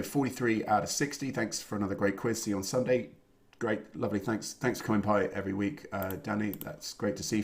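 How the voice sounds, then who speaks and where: A young man hosting a live online pub quiz from home, chatting casually with many fillers as he reads out answers and scores. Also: fairly low pitch. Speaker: quiz host. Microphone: home computer mic on a video stream.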